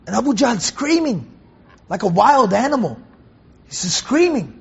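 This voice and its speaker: A man with a very high, breathy-husky voice delivers a Quran commentary lesson. He talks earnestly, circles back to repeat key phrases, and slows to recite Arabic verses. The recording sounds dull and muffled, like lo-fi audio. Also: very animated. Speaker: Quran teacher.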